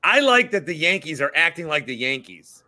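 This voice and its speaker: A man's voice: a little high, sing-song, normal speed, bright, forceful tone. A man in his thirties with a Midwestern accent, co-hosting a sports podcast and ranting profanely in casual chat. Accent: Midwestern American. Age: 30s. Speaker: podcast co-host.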